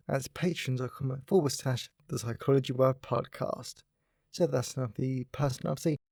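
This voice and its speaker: A young man talks through his solo podcast in a loose, rambling way, dropping "like" into nearly every phrase. His mid-pitched voice carries a gravelly, fry-edged texture. The sound is close and dry, with no room around it. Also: a little mellow, no room sound. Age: young adult. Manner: upbeat, rambling, heavy use of "like" fillers. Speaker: podcast host. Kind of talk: casual solo podcast chat.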